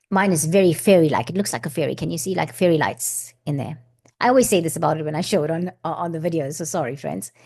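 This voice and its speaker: A woman's voice: lowish voice, vocal fry, a little mellow. A woman hosting a casual spiritual vlog, chatty and meandering with many asides, who at times breaks into flowing chanted syllables. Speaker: spiritual channel host.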